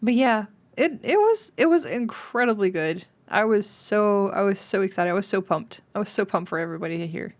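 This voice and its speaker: A young woman talks casually with her viewers on a live stream, giggling a lot and letting out excited, high squeals. She speaks briskly, barely pausing.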